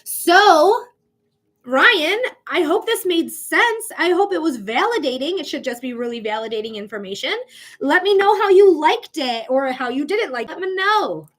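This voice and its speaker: High-voiced, blunt, swearing woman psychic. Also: lively intonation, moderate pace. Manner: chatty and blunt, swears freely. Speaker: psychic reader. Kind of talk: casual live-stream reading.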